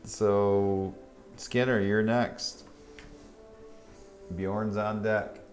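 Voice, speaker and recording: A man's voice: fairly low pitch, flat delivery, drawn-out words, soft background music. A man running a tabletop game as dungeon master, talking through rules in a matter-of-fact way.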